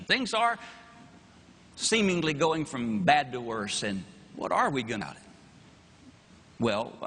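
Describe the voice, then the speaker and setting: A middle-aged Texan pastor preaches from the pulpit of a chapel, with long hall reverb around him. His slightly high, somewhat bright voice rises and falls for emphasis in a rhetorical, emphatic style.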